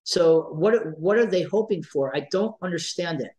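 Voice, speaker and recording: A man's voice: a little high, moderate pace, a little mellow, low-quality recording. A man being interviewed, speaking with passion and emotion and repeating his points for emphasis. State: emotional, near tears. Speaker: advocate for trans youth. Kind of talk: interview guest.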